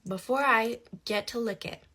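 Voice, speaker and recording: A woman's voice: a little high, moderate pace, pushed and bright, slightly rough. A young woman telling a personal story in casual, emphatic chat, with rhetorical asides. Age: young adult.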